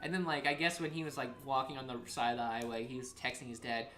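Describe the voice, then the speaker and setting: A young adult telling a story in casual podcast chat, animated, acting out quotes, swearing freely and saying "like" constantly. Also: medium pitch, quick pace, a little hiss or hum.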